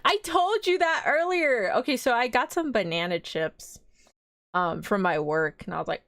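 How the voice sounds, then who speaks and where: A woman's voice: medium pitch, sing-song, unhurried, a bit bright, no room sound, studio quality. A young woman streaming live as a vtuber, chatting casually in a rambling, giggly way.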